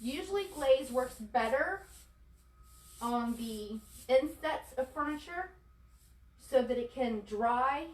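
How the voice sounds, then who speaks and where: A Florida woman with a high, expressive voice takes her time as she paints furniture on a livestream. Working some distance from the camera, she chats with viewers and keeps apologizing in this casual demo.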